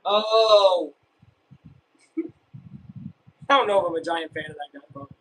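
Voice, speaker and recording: A young man casually chatting and reacting while streaming a live baseball game, rambling and breaking into excited yells. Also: high voice, takes it slowly, rough recording. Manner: rambling, self-interrupting, bursts of excited yelling. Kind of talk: casual live game watch-along chat.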